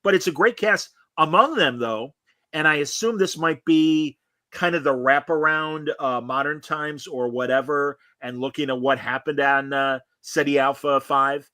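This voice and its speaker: A male podcast host with a bright, forward voice and a dry, close sound. He rambles through a casual review chat over a video call, stacking fillers and strong opinions. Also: on the high side, normal speed, no room sound.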